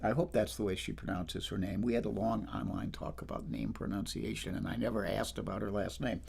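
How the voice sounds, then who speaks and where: Gravelly older man chatting between songs. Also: on the low side, expressive, brisk, darkish tone. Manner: rambling, greets viewers by name. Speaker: musician hosting a livestream concert. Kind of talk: casual chat between songs. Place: home, livestream. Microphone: livestream microphone.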